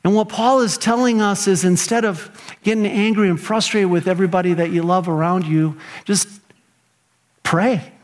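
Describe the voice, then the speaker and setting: A middle-aged pastor delivers a sermon in an animated, earnest manner, acting out his own prayers and grumbles. His voice sits high and his pace is moderate.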